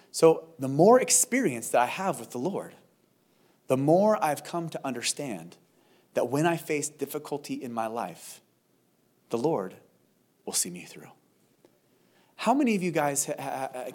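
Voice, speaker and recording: A male lead pastor giving a verse-by-verse sermon in an earnest way, often stammering over restarts and moving between loud and soft passages. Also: on the high side.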